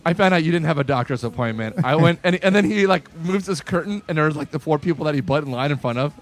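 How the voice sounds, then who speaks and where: Animated man telling a story casually. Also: fairly high pitch, quick pace. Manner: animated storyteller, acts out quotes. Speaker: podcast co-host. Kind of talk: casual chat. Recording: faint rock music behind. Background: faint rock music.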